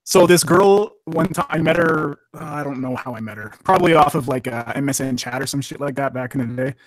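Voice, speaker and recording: A man's voice: medium pitch, a little fast, no room sound, poor audio. Rambling, profane man on a dry mic. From Canada. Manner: rambling, profane, laughs at own jokes. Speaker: podcast guest. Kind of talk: casual podcast chat.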